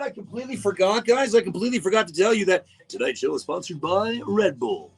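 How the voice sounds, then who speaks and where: A fairly high-voiced man hosts a live radio show, chatting loosely and joking as he calls out listeners by name. Faint music plays quietly under his voice. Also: lively intonation, quick pace, slightly rough. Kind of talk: casual live radio chat.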